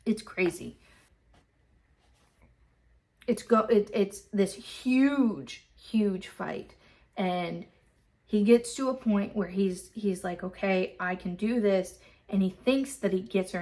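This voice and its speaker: A woman's voice: medium pitch, slow. A woman hosting a book club, casually recapping a chapter in a loose, filler-heavy way and swearing freely.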